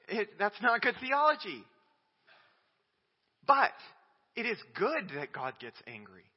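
Male pastor, mid-high voice, dynamic sermon delivery, recorded dull with a long hall tail. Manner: emphatic preaching, swinging between loud declarations and quiet asides. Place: church sanctuary. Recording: dull audio with long church reverb.

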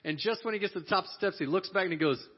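A man with a husky, slightly high voice tells a personal story with plenty of energy. He laughs often and acts out each person he quotes. The audio is dull and lo-fi. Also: rapid-fire. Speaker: speaker telling a story to a church audience.

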